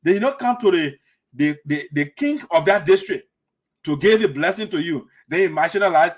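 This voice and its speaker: Male commentator, high voice, rambling and laughing. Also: normal speed, slightly rough. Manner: rambling, laughing, animated storytelling with voice swings. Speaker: commentator on diaspora news. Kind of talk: casual commentary.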